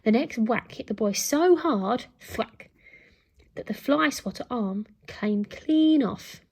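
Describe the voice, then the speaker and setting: A teacher, a woman, reading a children's book aloud with lively storytelling and acted sound effects. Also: fairly high pitch, unhurried, slightly rough.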